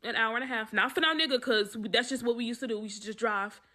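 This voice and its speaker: A woman with a high voice tells a story on a podcast. She is profane and dramatic, and she acts out every line of dialogue. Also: steady tone, fast talker, bright, forceful tone. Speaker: podcast co-host. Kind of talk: animated storytelling, casual chat.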